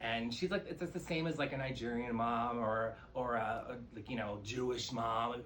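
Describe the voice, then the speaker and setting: A man doing a stand-up comedy set on a club stage, telling campy, profane stories with big swings in pitch and energy. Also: steady tone, normal speed, fairly bright tone, a little hiss or hum, rough recording. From New York. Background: audience laughter.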